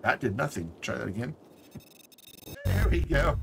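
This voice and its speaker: A man's voice: lowish voice, moderate pace, vocal fry, long pauses, over music. Laid-back rambling male streamer. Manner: relaxed, rambling, trails off into muttered asides. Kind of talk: casual live-stream commentary while playing a city-building game.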